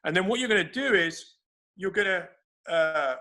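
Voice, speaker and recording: A man on a video call, coaching breathing for grappling. His voice sits a bit high for a man. He explains in an instructive way and restarts his sentences often as he thinks aloud. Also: expressive, moderate pace, pushed and bright. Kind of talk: explanatory conversation.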